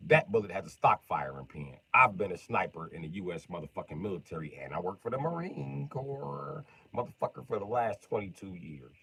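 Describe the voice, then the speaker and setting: Man putting on a gruff veteran sniper. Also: low-pitched, sing-song, brisk, few pauses, pushed and bright, exaggerated voice. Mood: menacing. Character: gruff veteran male sniper, cold and vengeful.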